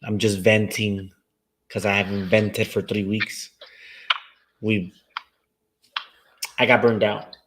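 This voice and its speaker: Laid-back host mixing Spanish and English. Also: male voice, on the low side, little pitch movement, slow pace, pauses often, fairly bright tone, slight background noise, poor audio. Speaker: talk show host. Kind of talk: casual sports chat.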